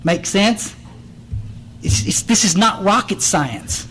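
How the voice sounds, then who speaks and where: A man's voice: high-pitched, expressive, takes it slowly, pushed and bright, a little hiss or hum, low-quality recording. A man, giving a blunt, direct recovery meeting talk full of stories and restarts, speaking in a meeting room.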